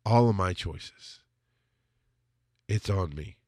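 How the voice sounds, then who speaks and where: A man, a father and podcast host, telling a confessional personal story with plenty of swearing, swinging from loud outbursts to quiet, subdued lows. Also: takes it slowly, dry recording, clean studio sound.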